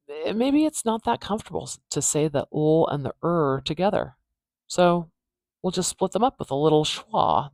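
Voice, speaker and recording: A woman, a speech pathologist who teaches phonetics in a casual lesson and repeats words slowly to demonstrate their sounds. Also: sits low, creaky, a little mellow, no echo, studio quality.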